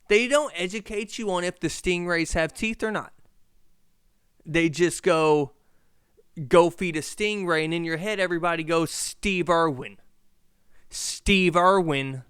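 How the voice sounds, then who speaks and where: A man hosting a casual solo podcast, telling a story in an animated, profane way. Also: a little high, smooth, no room sound, clean studio sound. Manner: animated, profane, shouts in reenactments. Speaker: podcast host. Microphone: podcast mic.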